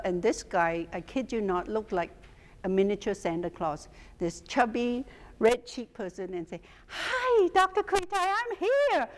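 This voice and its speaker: A middle-aged woman teaching a class as a hypnotherapy instructor, telling lively stories and laughing often. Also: fairly low pitch. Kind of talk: storytelling lecture to a class. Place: teaching room with an audience. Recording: long hall reverb.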